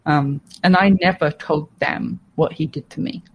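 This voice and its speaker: A woman guest on a podcast, telling a hard personal story in a frank, steady way. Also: low-pitched, normal speed, slight background noise, low-quality recording. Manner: frank and steady, with plain swearing and restarts.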